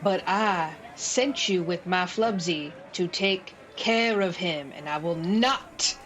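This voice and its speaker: A woman's voice: on the low side, slow pace, fairly bright tone, a little hiss or hum. A woman voicing a sly, doting, bird-like female fey carnival host who sweet-talks and coddles. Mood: coddling, sly.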